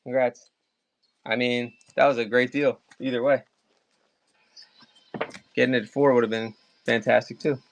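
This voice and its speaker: A Maryland man of medium pitch runs a casual comic auction on a livestream, his delivery flat even as he rambles, chats, and calls bids rapidly.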